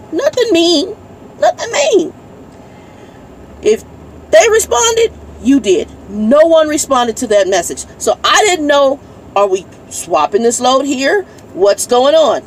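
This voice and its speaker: A woman's voice: mid-range voice, a little hiss or hum. A woman truck driver, ranting bluntly and reading out her messages in a casual vlog from her truck cab. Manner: irritated, blunt, swears, reads messages aloud. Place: inside a parked truck cab.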